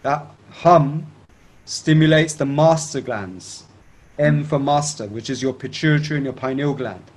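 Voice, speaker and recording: A man teaching breathing techniques step by step, calmly checking in with his listener and chanting tones to demonstrate. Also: fairly high pitch, a little slow. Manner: calm instructive, checks in with "okay?". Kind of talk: guided breathing instruction.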